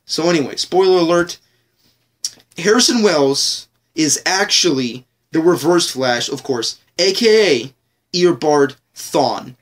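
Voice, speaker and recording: Excitable swearing man reviewing TV. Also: on the high side, takes it slowly. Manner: excitable, swears a lot, rambling with restarts. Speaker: TV show reviewer. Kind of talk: casual spoken review.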